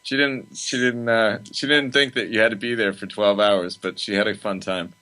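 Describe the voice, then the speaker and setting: A man being interviewed as a guest, rambling in a relaxed way with lots of fillers. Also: on the low side, normal speed. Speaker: film director, guest. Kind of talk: casual interview chat.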